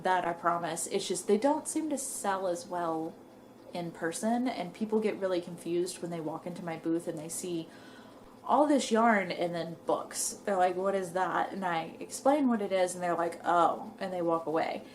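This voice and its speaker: A woman's voice: on the low side, normal speed, darkish tone, a little hiss or hum. A young woman, chatting casually to her viewers in a knitting vlog. She rambles and is a little out of breath. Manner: rambling, chatty, says "y'all". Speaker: knitting vlogger. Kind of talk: casual chat to camera.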